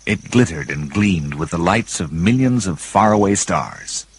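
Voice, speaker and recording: Expressive male storybook narrator. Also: low voice, unhurried, slightly rough, poor audio. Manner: expressive, building with the action. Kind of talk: storybook read-along narration.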